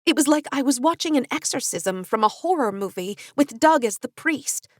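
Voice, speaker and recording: A woman narrating an audiobook in an expressive, lively reading. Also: high voice, moderate pace, dry recording, studio quality. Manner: expressive, lively character voicing. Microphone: studio USB microphone.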